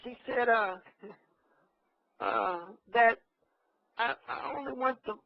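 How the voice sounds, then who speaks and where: A man's voice: extremely high pitch, takes it slowly, gravelly. A man with a Los Angeles accent telling a rambling comic story as a regular caller, losing his train of thought. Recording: dull radio broadcast audio.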